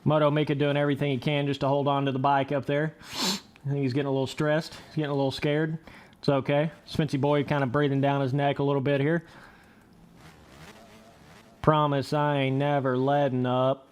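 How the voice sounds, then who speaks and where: A young man giving casual, excitable commentary over motocross gameplay, laughing and trash-talking as he rides. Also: mid-range voice, fairly quick. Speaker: gaming commentator.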